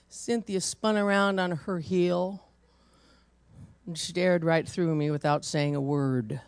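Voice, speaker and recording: Gravelly older woman preaching. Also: low voice, no echo. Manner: animated, swings between loud and hushed. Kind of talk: storytelling sermon.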